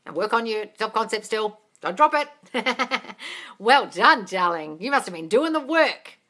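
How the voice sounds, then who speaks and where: Bright, chatty woman host. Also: on the high side, a little slow. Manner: chatty and animated, swears freely, laughs often. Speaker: manifestation coach, live Q&A host. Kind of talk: casual live-stream chat.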